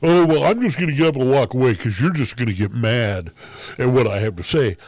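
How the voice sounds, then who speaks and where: A man's voice: mid-range voice, expressive, fairly quick, a little mellow, dry recording. A man mimicking a condescending friend who lectures and cuts people off mid-answer. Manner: belittling, interrupting, preachy.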